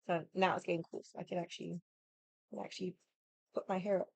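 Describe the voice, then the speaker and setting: A woman's voice: lowish voice, level tone, quick pace, vocal fry, long pauses, darkish tone, dry recording. A woman vlogger in casual chat, telling a rambling story bluntly and swearing freely.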